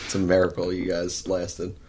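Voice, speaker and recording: A man's voice: deep voice, monotone, moderate pace, darkish tone. A man co-hosting a casual podcast, dropping dry, teasing quips. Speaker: podcast co-host. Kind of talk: casual chat.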